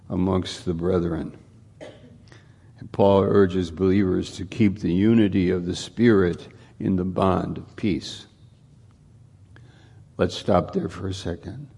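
A male pastor preaching a sermon, unhurried and often repeating or restarting his words. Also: sits low, creaky, a little mellow, breathy edge.

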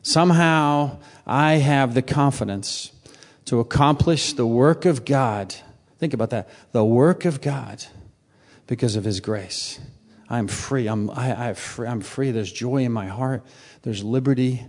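A man preaching a sermon, swinging from fervent, raised questions to quiet, soft-spoken reflection. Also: mid-range voice, unhurried. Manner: passionate, with sudden rises and soft drops. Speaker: pastor. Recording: long hall reverb.

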